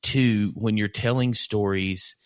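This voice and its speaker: Brief: male pastor, slightly low voice, chatty and rambling, dry close mic. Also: fairly even intonation, slow, no echo. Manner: rambling storyteller, many restarts. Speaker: bivocational pastor. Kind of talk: casual podcast conversation.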